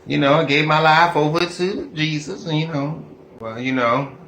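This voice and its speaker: A man, hosting a casual comedic home baking vlog and jumping between low mutters and loud high exclamations. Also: steady tone, normal speed, slight background noise. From New York. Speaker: home baker vlogger. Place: home kitchen.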